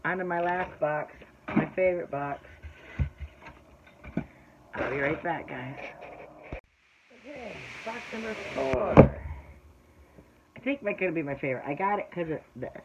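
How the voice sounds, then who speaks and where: A woman's voice: sits low, normal speed, pauses often, heavy background noise. A woman vlogger and shop owner chatting through an unboxing haul. She rambles, talks straight to her viewers and sometimes slips into an exasperated rant.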